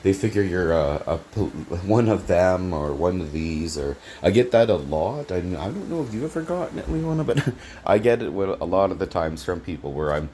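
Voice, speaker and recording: A Canadian man vlogging from his small apartment, talking in a halting, rambling way, full of fillers and restarts, with fond pet names for an absent listener and his cat. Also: sits low, very animated, warm tone, a little hiss or hum. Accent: Canadian English. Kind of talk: rambling home vlog talk to camera. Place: small apartment kitchen, indoors.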